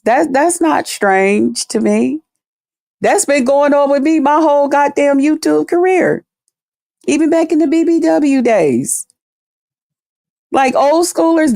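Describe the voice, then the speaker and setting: A woman vlogger talking straight to her viewers in blunt, animated, heavily profane storytelling. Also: on the high side, vocal fry, no echo, clean studio sound. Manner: blunt, animated, heavy cursing; laughs at her own jokes. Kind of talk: casual profane storytelling chat.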